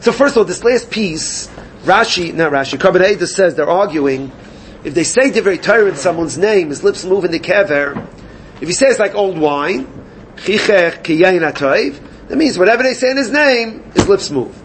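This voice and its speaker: A man teaching a Gemara class, animated and questioning his students. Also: high-pitched, normal speed, slight background noise. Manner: animated, questioning students, mixes Yiddish and Hebrew terms. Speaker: Talmud teacher.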